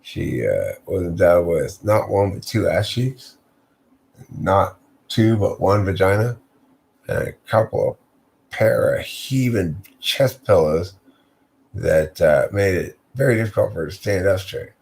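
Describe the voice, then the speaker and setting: A man's voice: sits low, lively intonation, a little slow, gravelly, a little mellow. A man telling an improvised story in a drowsy, meandering way, losing his thread.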